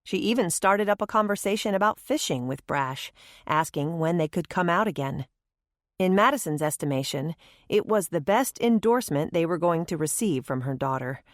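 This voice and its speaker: A woman narrating an audiobook in a measured, gentle storytelling manner, recorded on a close studio mic. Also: lowish voice, animated, no echo. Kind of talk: scripted narration.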